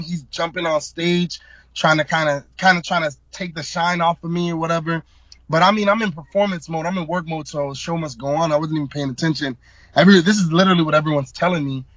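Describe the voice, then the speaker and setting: A man's voice: on the high side, fairly bright tone, no room sound. Man, twenties, South Florida, slangy, emphatic storyteller, dull lo-fi sound. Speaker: guest, hip hop artist. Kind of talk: casual storytelling.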